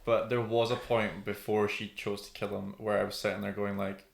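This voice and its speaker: A man's voice: fairly low pitch, level tone, brisk, gravelly. A man co-hosting a podcast, chatting casually about TV and thinking aloud with many ums. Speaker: podcast co-host. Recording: roomy echo.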